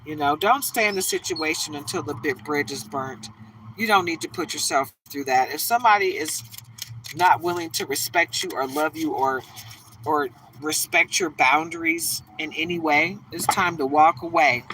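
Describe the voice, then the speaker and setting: A woman's voice: deep voice, moderate pace, fairly bright tone, recorded from a distance, slight background noise, poor audio. A woman giving a tarot reading in casual chat, laughing often and drifting into stories, from a car. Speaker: tarot reader.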